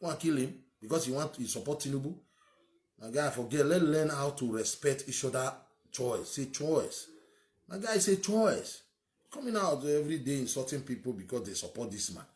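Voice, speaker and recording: A man's voice: mid-range voice, expressive, a little fast, darkish tone, echoey room. A man with a Nigerian accent giving an opinionated monologue as a political commentator, emphatic and ranting, firing off rhetorical questions.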